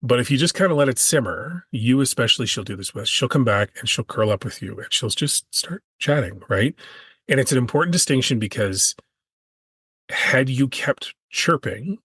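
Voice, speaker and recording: A man hosting a parenting podcast, telling stories in a casual way and getting animated when he quotes other people. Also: mid-range voice, moderate pace, breathy edge, no echo, clean studio sound. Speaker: podcast host and father. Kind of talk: casual conversational chat.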